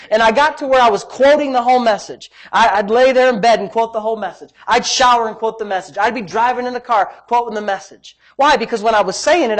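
A male pastor preaching a sermon in an emphatic, repetitive way, often breaking in with praise. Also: high voice. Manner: emphatic, repetitive, frequent "praise God" interjections.

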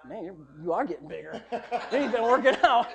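Man, pastor, sermon, emphatic, conversational, loud and soft by turns. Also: high-pitched, expressive, brisk, creaky. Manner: emphatic, conversational preaching with swings in loudness.

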